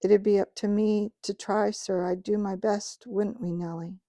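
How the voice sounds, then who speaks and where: A woman reading aloud voices a humble working-class London cab driver who talks in a rough Cockney dialect with plain, broken grammar. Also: medium pitch, steady tone, measured pace, dark tone, no echo, studio quality, lightly acted.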